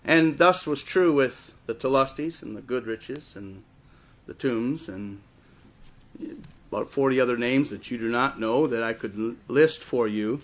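A man with a Wisconsin accent preaching a sermon, telling stories and slowing down and rising in volume for emphasis. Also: medium pitch. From Chicago area, raised in Wisconsin. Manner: storytelling preacher, swells louder and slower for emphasis. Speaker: guest preacher.

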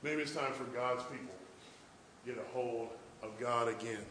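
A middle-aged man preaching a sermon in church, telling a story and swinging from hushed asides to loud emphasis. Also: medium pitch, moderate pace, slight background noise.

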